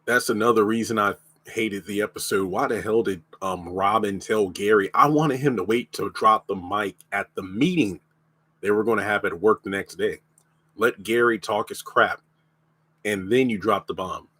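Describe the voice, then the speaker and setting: A man's voice: fairly low pitch, normal speed, bright, forceful tone, slightly rough. A man with a lingering cough, bluntly reviewing a TV show in a casual live stream. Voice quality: blunt, opinionated.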